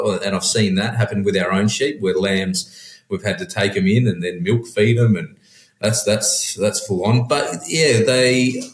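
A man, a pastor and sheep farmer, talking in a relaxed, rambling way with frequent restarts. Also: on the low side. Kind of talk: casual conversation. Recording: roomy echo.

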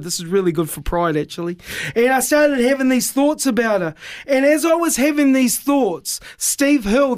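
High-voiced man. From New Zealand. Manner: lively, self-deprecating, dramatic. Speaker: evangelist guest. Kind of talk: animated storytelling on radio.

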